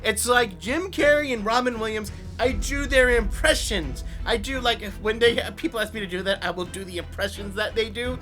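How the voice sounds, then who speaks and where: A man's voice: sits high, faint music behind. A young man, a voice actor, chatting casually and self-deprecatingly about practicing impressions. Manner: animated, self-deprecating, quick laughs. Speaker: voice actor and YouTuber. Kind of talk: casual vlog commentary.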